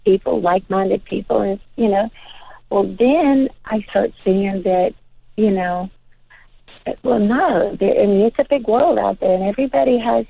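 An older woman talks in a rambling, chatty way, her voice rough with vocal fry. She comes through a thin, phone-like line with a dry, close sound. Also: mid-range voice, unhurried, no echo. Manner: rambling, chatty, full of "you know". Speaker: guest. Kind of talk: casual interview chat.

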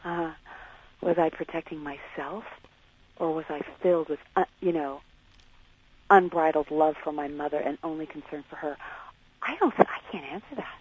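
A woman being interviewed on the radio, talking in a halting, searching way and questioning herself as she reflects. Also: sits low, slightly rough, narrow, tinny audio. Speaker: interview guest.

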